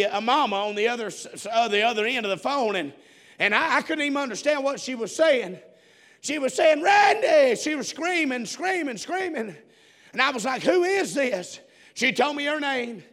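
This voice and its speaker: A man preaching a revival sermon, building from quiet storytelling to shouted crescendos in a repetitive preaching cadence. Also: very high voice.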